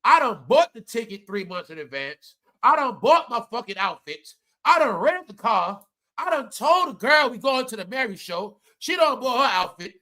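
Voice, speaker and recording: Bright-voiced man on a profane rant. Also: very high-pitched. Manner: animated, preachy, addresses viewers as y'all. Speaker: commentary vlogger.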